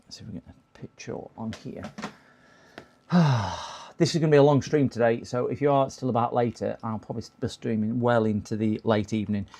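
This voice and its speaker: Male livestream host, casual rambling chat, voice going hoarse. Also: mid-range voice, a little fast, dark tone. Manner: chatty, rambling, laughs at his own jokes. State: voice going hoarse, clearing throat. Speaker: livestream host repairing computers. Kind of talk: casual live-stream chat.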